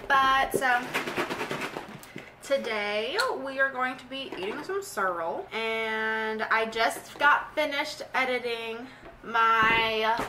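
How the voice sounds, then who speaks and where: A woman's voice: on the high side, distant mic, noisy background. A young woman vlogging in a casual, rambling, giggly way. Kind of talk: casual vlog chat.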